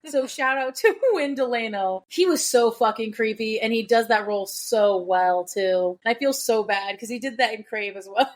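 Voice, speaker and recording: Animated woman chatting about a book. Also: a little high, moderate pace. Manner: animated, swearing, quoting characters with laughs. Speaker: podcast co-host. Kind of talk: casual book chat.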